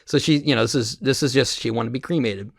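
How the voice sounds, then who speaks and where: A male podcast host with a gravelly, fry-heavy voice who tells loose, rambling stories, swears casually and often restarts his sentences. His pitch sits in the middle range. He is recorded close and dry on a podcast mic. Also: fast talker, no echo. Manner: rambling, profane storytelling with frequent restarts.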